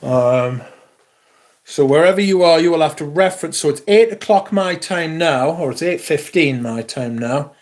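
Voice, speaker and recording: A British man hosting a casual livestream, chatty and excitable, swearing freely as he talks to his viewers. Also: on the high side, moderate pace. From Britain. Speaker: livestream host.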